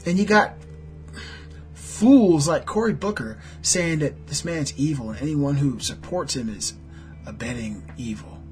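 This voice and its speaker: An American man in midlife delivers a furious political rant, with cursing, sarcasm and sudden jumps in loudness. His voice sits fairly high for a man, and soft music plays underneath. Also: lively intonation, measured pace. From United States. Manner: heated, profane, sarcastic ranting. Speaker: political commentator. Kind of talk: angry political rant vlog.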